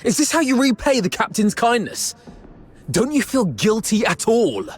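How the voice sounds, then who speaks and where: An actor voicing an outraged, loyal soldier in a video game, shouting accusations. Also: male voice, very high voice, very animated, moderate pace, a little hiss or hum.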